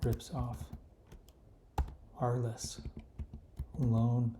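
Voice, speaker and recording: A man thinking aloud as he works through a crossword, slowly reading clues half to himself. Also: medium pitch, completely flat delivery. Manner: slow, musing, reads clues half to himself. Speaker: puzzle solver. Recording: echoey room with clear background noise. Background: keyboard clicks and typing.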